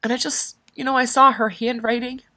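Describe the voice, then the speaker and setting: Bright-voiced woman telling an emotional story. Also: fairly high pitch, steady tone, fairly quick. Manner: emotional, rambling retelling with many fillers. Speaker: podcast host. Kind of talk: personal storytelling podcast.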